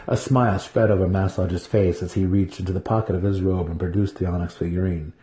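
A man narrating a fantasy novel as a dramatic audiobook reading, steady and measured. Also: deep voice, echoey room.

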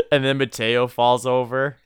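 A man's voice: medium pitch, fairly even intonation, measured pace, clean tone. A man co-hosting a podcast, joking casually about a movie and laughing often as he acts out lines. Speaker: podcast co-host. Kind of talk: casual movie recap banter.

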